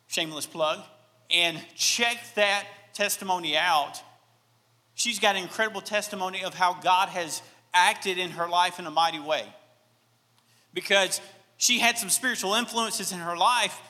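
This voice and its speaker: A man's voice: high voice, bright, forceful tone, in a large hall. A man from Alabama with a light Southern accent, preaching a sermon with folksy, self-deprecating storytelling. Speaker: pastor.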